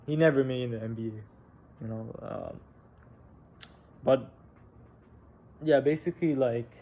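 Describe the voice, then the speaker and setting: A young man casually telling a personal story on a vlog, halting and candid, with frequent restarts, fillers and casual swearing. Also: mid-range voice, mellow. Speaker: vlogger.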